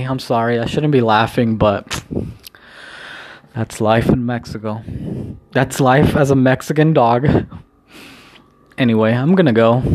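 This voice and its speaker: A young man talking casually to camera in a daily vlog at home, rambling and hesitant, swearing now and then, in a low-key, downcast way while pacing indoors. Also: darkish tone. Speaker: vlogger.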